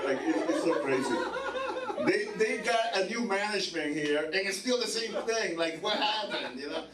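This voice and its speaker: Guy doing standup at a bar, kinda high voice, swears a lot, says man every line, mic sounds far off. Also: animated, moderate pace. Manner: profane, rambling, repeats "man" and "like". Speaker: stand-up comedian. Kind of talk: stand-up set. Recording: roomy bar from afar, crowd noise.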